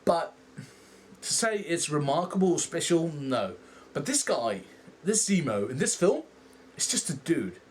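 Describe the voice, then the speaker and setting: A young man with a Dutch accent rambles through a film review, his voice sitting a little high for a man. He gets animated and swears freely as he goes. A faint hiss of noise sits under the recording. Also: unhurried. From Netherlands. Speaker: vlogger. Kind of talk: casual movie review rant.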